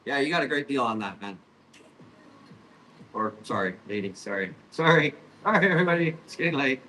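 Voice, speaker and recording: A man hosting a live plant auction, rambling, apologizing and swearing as he hurries through his sales pitch. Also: animated, a little fast, sharp tone, a little hiss or hum, rough recording. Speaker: live-stream plant seller. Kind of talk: live auction selling chat.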